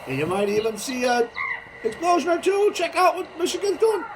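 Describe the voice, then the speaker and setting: Host: a chatty woman with a high, lively voice signing off a toy-play video, music under it. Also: fairly quick, noisy background. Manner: chatty, playful. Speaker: channel host.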